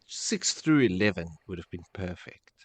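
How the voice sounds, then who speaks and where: A man co-hosting a book podcast, speaking haltingly and searching for words. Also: low-pitched, sing-song, dry recording. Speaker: podcast co-host. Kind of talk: casual book-club chat.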